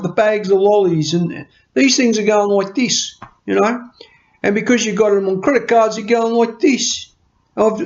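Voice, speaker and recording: This man's voice sits high and is a little mellow as he chats casually to camera from his home about budgeting. The vlogger comes across as earnest, rambling and homely, with slightly muffled lo-fi audio.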